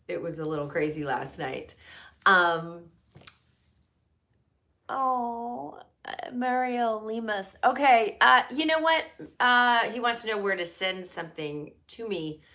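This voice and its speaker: A woman's voice: on the low side, pushed and bright. A middle-aged woman hosting a casual live stream, greeting viewers by name and chatting with many fillers.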